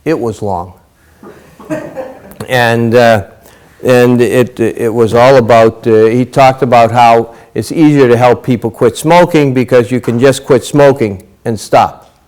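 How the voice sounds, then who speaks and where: A man's voice: medium pitch, fairly even intonation, unhurried, a little mellow. A middle-aged man giving a dharma talk as a Zen teacher, telling stories casually with many fillers.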